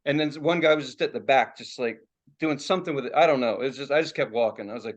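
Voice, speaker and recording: A man's voice: medium pitch, fast talker, lo-fi sound. A man from Philadelphia, co-hosting a podcast and telling a rambling, profane story in casual chat, laughing as he goes. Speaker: podcast co-host.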